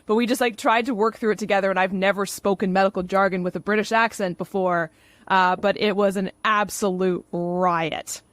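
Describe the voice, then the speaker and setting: A woman from Canada hosting a podcast interview, chatty and quick to laugh. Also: medium pitch, steady tone, fairly bright tone, dry recording. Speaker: podcast host.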